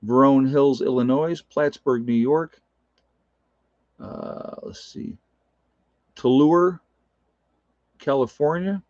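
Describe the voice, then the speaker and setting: Relaxed man chatting on a dull stream. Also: medium pitch, slow, long pauses, dry recording. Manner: reads viewer comments aloud, chuckles often. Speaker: livestream host. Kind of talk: casual livestream chat.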